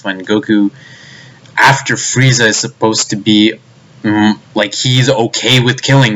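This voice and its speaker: A man's voice: on the low side, fairly bright tone, lo-fi sound. A young man ranting in a video review, exasperated and profane, often stumbling over his words and restarting. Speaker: anime reviewer.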